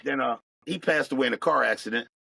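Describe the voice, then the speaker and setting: Middle-aged guy, bright tense voice, dry close sound, slow reflective storytelling. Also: medium pitch, creaky, slightly rough, dry recording, low-quality recording. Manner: plain, reflective, unhurried. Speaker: guest. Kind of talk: personal storytelling.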